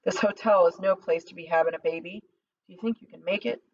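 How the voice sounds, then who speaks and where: A woman voicing a weary, volatile male town doctor in an audiobook, brisk with sudden rages. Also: on the low side. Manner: brisk, then raging outbursts. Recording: slightly distant dull lo-fi recording.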